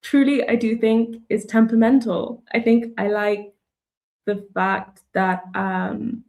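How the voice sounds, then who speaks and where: Slow, gravelly-voiced woman musing aloud. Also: on the high side, little pitch movement, darkish tone. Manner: thoughtful, hesitant, full of ums and likes. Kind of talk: casual reflective conversation.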